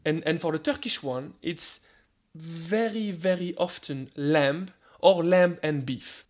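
French-accented man, high-pitched and animated. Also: slow. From France. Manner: animated, repeats words when starting sentences. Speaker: food scientist guest. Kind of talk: radio interview.

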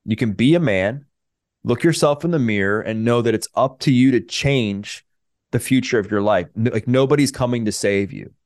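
A man's voice: mid-range voice, normal speed, a little mellow, dry recording, clean studio sound, lightly acted. A man voicing his blunt, tough male jail cellmate in a retold story, speaking in a raised, commanding tone.

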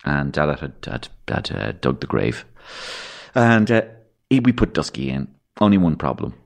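A man's voice: a bass voice, sing-song, moderate pace, vocal fry. An Irish man telling rambling, darkly funny stories from his childhood as a podcast guest. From Ireland. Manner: rambling anecdotal storyteller, dark humour, acts out voices. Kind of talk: storytelling in a podcast interview.

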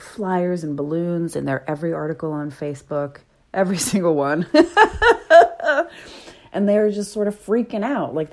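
A woman hosting a solo podcast, talking casually and earnestly, sometimes dropping to a soft whisper. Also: low-pitched. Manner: earnest, animated, drops to soft whispers at times. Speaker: podcast host.

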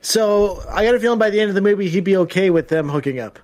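A man co-hosts a casual movie commentary chat. His voice is fairly high for a man, and he drops in offhand jokes. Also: fast, darkish tone.

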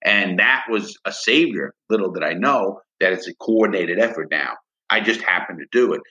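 A man's voice: sits low, animated, normal speed, pushed and bright, muffled recording. A middle-aged man, a former prisoner, telling a heated story of his time inside in blunt, profane words. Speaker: interview guest, former prisoner. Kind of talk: emotional storytelling interview.

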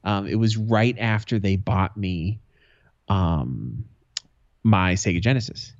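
A man's voice: sits low, slow pace, no echo, muffled recording. A man in his thirties co-hosting a podcast, telling swearing, laughing stories and acting out his family's lines. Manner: swearing, laughing storyteller who acts out family quotes. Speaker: podcast co-host. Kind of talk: casual chat.

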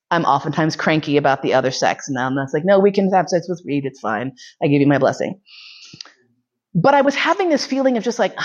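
A woman's voice: fairly low pitch, a little mellow. Candid chatty woman, muffled lo-fi sound. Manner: candid and chatty, many "like"s, bursts of laughter. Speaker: podcast host. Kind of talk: casual confessional storytelling. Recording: slightly muffled lo-fi recording.

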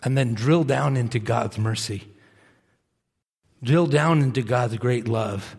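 A male pastor preaching a sermon, earnest, swinging from quiet, slow stretches to emphatic bursts. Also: mid-range voice, gravelly, husky, in a large hall. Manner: earnest, rising to emphatic bursts then dropping soft and slow. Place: church sanctuary.

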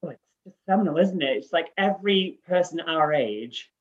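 Female podcast guest, casual banter, playful and teasing, lowish pitch, dull lo-fi sound. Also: animated, normal speed, a little mellow. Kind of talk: casual chat.

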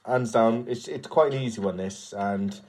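A man's voice: mid-range voice, moderate pace, a little mellow. A man, a guest on a casual pub podcast, easygoing and laddish. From Wales.

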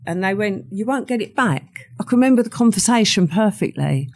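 A woman's voice: medium pitch, animated, brisk, a little mellow, a little hiss or hum. An older woman, recounting a true crime story as an interview guest and acting out the quoted voices.

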